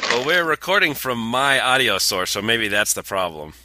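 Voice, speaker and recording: A man's voice: mid-range voice, sing-song, normal speed, noisy background. A man co-hosting a podcast in casual comedic chat, sarcastic and profane. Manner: sarcastic, profane, reads quotes aloud. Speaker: podcast co-host.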